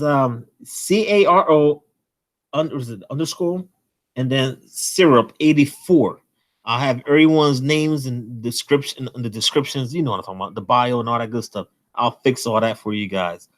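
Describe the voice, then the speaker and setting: A man hosting a comic collecting channel, enthusiastically and nervously rambling through shout-outs to small creators. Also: on the high side. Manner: admits to nerves, pauses to breathe. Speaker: host. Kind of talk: casual channel shout-out monologue.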